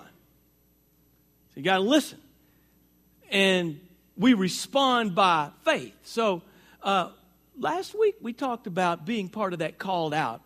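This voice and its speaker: A man's voice: high-pitched, big pitch swings, slow pace, pauses often, fairly bright tone. A man preaching a sermon to his church in a conversational way, often repeating words and lifting his voice for emphasis as he walks around with a mic. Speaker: pastor. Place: church sanctuary.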